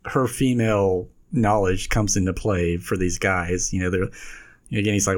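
A man with a fairly low voice chats casually with a co-host. He rambles through his points and laughs often. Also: fairly even intonation, moderate pace. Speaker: podcast co-host. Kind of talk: casual chat.

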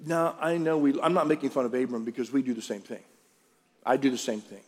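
Pastor preaching in a reverberant hall. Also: male voice, mid-range voice, fast talker. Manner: conversational preaching, jokes with the congregation. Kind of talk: sermon. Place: church service. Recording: long church-hall reverb.

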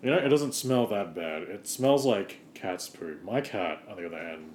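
A man's voice: low voice, expressive, moderate pace, darkish tone, slight background noise. A man co-hosting a comedy podcast, meandering loosely in casual chat. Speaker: podcast co-host. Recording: roomy echo.

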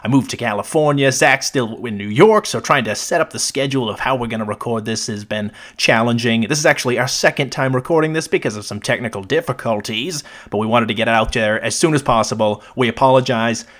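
A male podcast co-host who grew up in Maine, talking in loose, casual chat. He laughs easily and swears freely. His voice sits at an ordinary, middle pitch. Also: a little fast, few pauses, fairly bright tone.

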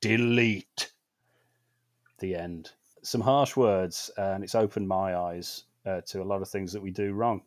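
A man's voice: sits low, fairly even intonation, moderate pace, hardly any pauses, darkish tone, no room sound. A man from the UK co-hosting a film podcast, talking in a sarcastic, laughing way. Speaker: podcast co-host. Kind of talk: casual chat.

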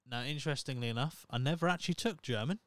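A man in his thirties with a Norfolk English accent rambles through a solo podcast, swearing freely and poking fun at himself. His voice is smooth and clear at a middling pitch. The sound is close and dry. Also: fast talker, a bit bright, no echo. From Norfolk, England. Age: 30s. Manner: rambling, profane, self-mocking. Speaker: podcast host. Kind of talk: casual solo podcast monologue.

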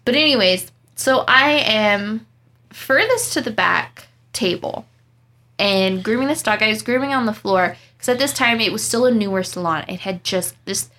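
A young woman telling a story in casual chat, animated and dramatic, laughing as she goes. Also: mid-range voice, moderate pace. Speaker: storyteller guest.

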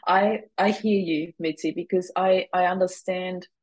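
Woman, husky, lowish voice, calm, measured, interview guest. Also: rough recording. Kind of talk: reflective conversation.

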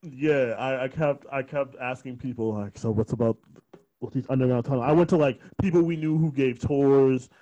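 A man's voice: medium pitch, normal speed, warm tone, muffled recording. A young man chatting casually on a podcast, often breaking into laughter while he tells rambling stories into a close mic. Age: young adult. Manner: laughs a lot, rambling storytelling. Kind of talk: casual chat. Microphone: close studio mic.

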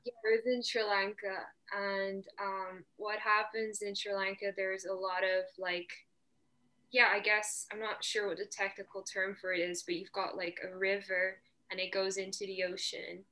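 A young woman from Portugal tells surf stories in a loose, filler-heavy chat. Her voice is bright and clear, and she speaks at a middle pitch. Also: normal speed. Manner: relaxed storyteller, many fillers. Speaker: guest surfer. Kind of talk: casual chat.

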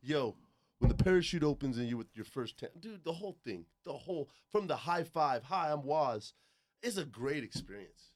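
A man, a skydiving instructor and show host, talking in casual, profane banter with loud bursts of laughter. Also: medium pitch, animated, moderate pace.

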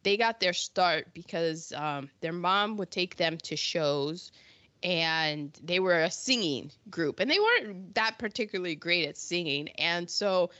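A woman's voice: on the low side, expressive, a little slow, a bit bright, no room sound. Woman co-host, casual and chatty, wanders into asides, dry dull mic. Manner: chatty, laughs often, trails into asides. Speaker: podcast co-host. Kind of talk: casual chat about old films.

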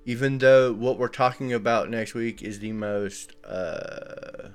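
A man's voice: mid-range voice, slow pace, smooth, faint music behind. A man with a Southern US accent hosting a casual podcast chat, loose and joking. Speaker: podcast host.

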